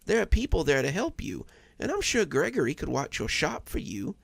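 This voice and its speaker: A man voicing a polite, reclusive older widow in a storybook reading, speaking softly. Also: fairly high pitch, huge pitch swings, normal speed, vocal fry, dry recording, pitched above the performer's own voice, exaggerated voice.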